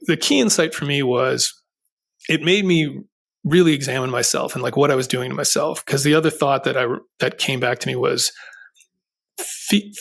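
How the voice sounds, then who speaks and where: A man's voice: mid-range voice, vocal fry, fairly bright tone. A middle-aged man hosting a podcast interview, telling a personal story in an earnest, rambling way with many restarts. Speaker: podcast host.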